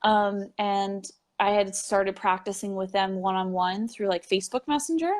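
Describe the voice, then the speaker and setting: A woman's voice: medium pitch, normal speed. A young woman in a casual interview, telling her story of becoming a medium in a chatty way, with plenty of fillers and little laughs.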